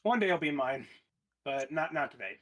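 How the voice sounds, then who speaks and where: Stammering bright-voiced man player. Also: a little high, animated, normal speed, a little hiss or hum. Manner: stammering, insistent. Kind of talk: casual in-character role-play.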